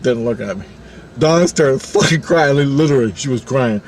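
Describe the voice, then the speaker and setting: A man's voice: medium pitch, moderate pace, a little hiss or hum. A man telling a story in a casual, profane way, often swearing and laughing as he acts out what others said. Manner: profane, animated, laughing, acting out quotes.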